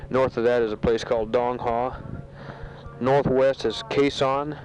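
A man who is a soldier, recording a casual spoken letter home from a sandbag bunker, talking matter-of-factly with a halting delivery full of fillers, on a dull home tape recording. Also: medium pitch, fairly even intonation, darkish tone, a little hiss or hum. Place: sandbag bunker in a war zone.

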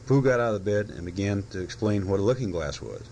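A man reading a children's storybook aloud in a gentle, unhurried way. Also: fairly low pitch, expressive, a little hiss or hum, rough recording.

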